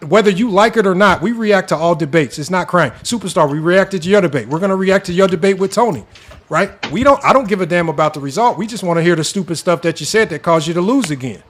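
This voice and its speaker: A man's voice: high voice, quick pace. A man co-hosting a sports debate show, talking in a heated, indignant, repetitive way. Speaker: podcast co-host. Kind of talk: heated panel debate talk.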